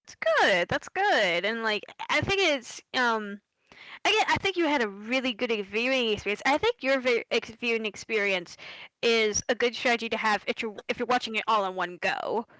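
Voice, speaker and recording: Bright, chatty woman podcast host. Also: fairly high pitch, moderate pace, no room sound, rough recording. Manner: chatty, laughs often, enthusiastic. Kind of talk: casual interview chat.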